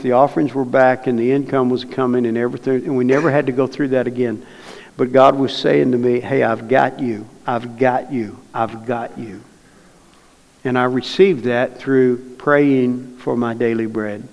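A man's voice: medium pitch, vocal fry, a little mellow, dull audio. A man preaching a sermon, telling a personal story in a folksy, plainspoken way. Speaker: pastor. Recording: long reverb of a large hall.

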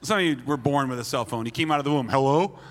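A man's voice: mid-range voice, racing, a bit bright. A man preaching a sermon to a crowd, blunt and playful, acting out the lines he quotes. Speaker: pastor. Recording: long hall reverb.

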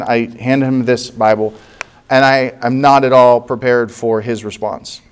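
A man in his forties, from the United States, preaching by telling a story from his own life. He acts out each person's lines and laughs at the funny parts. His voice sits at an ordinary middle pitch. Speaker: pastor. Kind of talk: sermon storytelling.

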